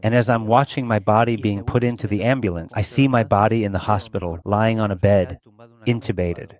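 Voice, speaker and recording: A middle-aged man from Spain tells a deeply personal story as an interview guest. His voice sits a little low, and he speaks in an earnest, reflective way with feeling. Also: steady tone, brisk, darkish tone. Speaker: guest recounting a near-death experience.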